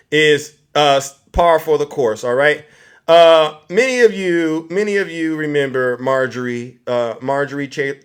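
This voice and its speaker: A man's voice: on the high side, fairly bright tone, clear, resonant tone. Man ranting in a mocking comic tone. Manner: mocking, acts out scenes in put-on voices. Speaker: comedian. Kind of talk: political stand-up rant.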